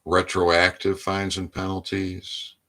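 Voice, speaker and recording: A man delivering a preachy political rant, exhorting his listeners and often rising into loud, emphatic outbursts. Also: deep voice, completely flat delivery, takes it slowly. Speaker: online commentator.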